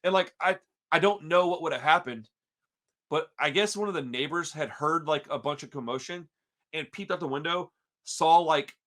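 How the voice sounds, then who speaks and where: Slangy storyteller from Texas, bright voice. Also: male voice, fairly high pitch, moderate pace. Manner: slangy, peppers talk with "dude" and "bro"; animated, emotional storyteller. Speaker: podcast co-host. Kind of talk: casual storytelling chat.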